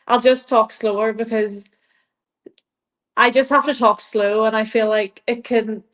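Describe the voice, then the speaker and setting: A woman's voice: fairly high pitch, steady tone, measured pace. A young woman with an Irish accent, a guest chatting casually in an interview, rambling with lots of "like" and frequent laughs. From Ireland. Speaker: guest athlete.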